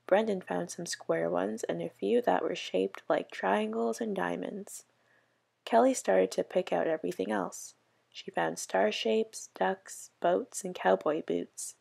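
A woman's voice: medium pitch, measured pace, gravelly, a little mellow. A woman early years educator reading a picture book aloud for children.

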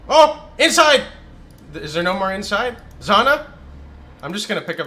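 A man doing live gameplay commentary as a streamer, excitable, yelling out his moves, swearing and laughing, on a studio condenser microphone. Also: high-pitched, moderate pace, slight background noise. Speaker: game streamer.

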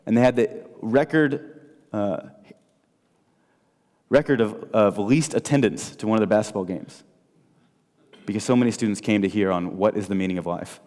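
A man preaching an evangelistic sermon, telling stories and swinging between loud and soft. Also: lowish voice, normal speed. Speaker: guest speaker. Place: large church hall. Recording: long hall reverb.

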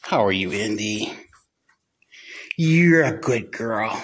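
A man running a goat-farm vlog, talking softly and fondly to his goats in a barn, often dropping to a hush. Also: fairly low pitch, lively intonation, takes it slowly, husky. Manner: soft, cooing talk to the goats, often hushed. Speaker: goat farmer vlogger. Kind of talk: casual vlog chat. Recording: noisy barn recording.

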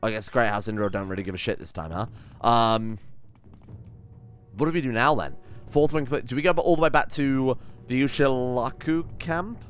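A man's voice: medium pitch, normal speed, clear, resonant tone, faint music behind. A man giving casual, chatty commentary while playing a video game, thinking aloud and swearing freely. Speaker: let's play host.

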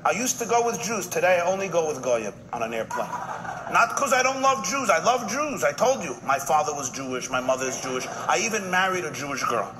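A man, a rabbi, giving a humorous live speech with punchy jokes, quick asides and repeated punchlines. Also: on the high side, animated. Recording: noisy live event recording.

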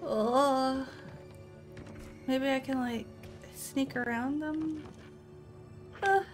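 A woman's voice: sits high, extremely slow, soft background music. Jumpy woman gamer talking to herself. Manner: jumpy, talks to herself, frightened yelps. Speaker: let's play gamer. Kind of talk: casual gameplay commentary.

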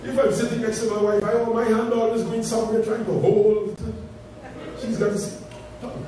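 Pastor, male, middle-aged, high voice, fiery sermon with shouted peaks and hushed asides, recorded from a distance in a booming church with hiss. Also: little pitch movement, a little fast. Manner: impassioned preaching, shouting at peaks then dropping to low asides. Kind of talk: Pentecostal sermon. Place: large church sanctuary. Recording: echoey church hall, heard from afar, with noise.

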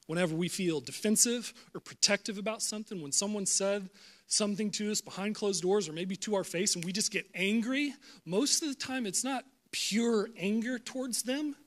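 A young adult man preaching a sermon in a church, jokey and animated, getting loud when riled up. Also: high-pitched, normal speed. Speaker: pastor. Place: church auditorium.

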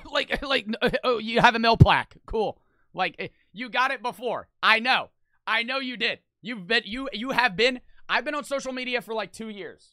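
A man's voice: sits high, bright, forceful tone, no echo, clean studio sound. A young man giving rambling, argumentative reaction commentary, swearing often and restarting his sentences. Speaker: online reaction streamer.

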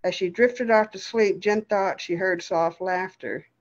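A woman storyteller reading a story aloud in a steady, expressive way. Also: mid-range voice, a little slow, dull audio.

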